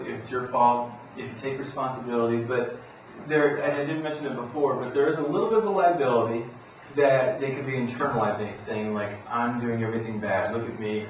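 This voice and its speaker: A middle-aged man giving a talk to parents in a folksy, relaxed way, full of restarts and acted-out quotes. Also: medium pitch. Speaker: psychologist speaking to parents. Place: school hall or auditorium. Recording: echoey hall, voice far from mic, dull sound, noisy.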